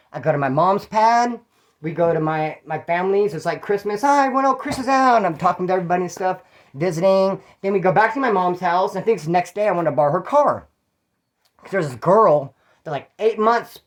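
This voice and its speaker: Brief: male storyteller, quick delivery, slangy and swearing, loose and rambling. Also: on the high side. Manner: rambling, profane, streetwise slang. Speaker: channel host telling prison stories. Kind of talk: casual first-person storytelling.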